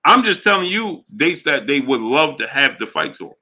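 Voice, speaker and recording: A man hosting a boxing livestream, talking casually to his chat in an animated, emphatic way, often repeating himself. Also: a little high, moderate pace. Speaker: boxing show host.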